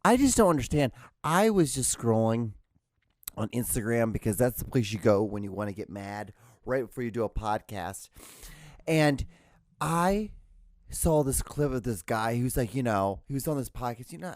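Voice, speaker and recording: A man's voice: mid-range voice, very animated, moderate pace, a little mellow, no echo. A man hosting his own solo podcast, rambling and ranting with crude, profane jokes into a close mic. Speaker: podcast host. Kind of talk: solo comedic rant podcast.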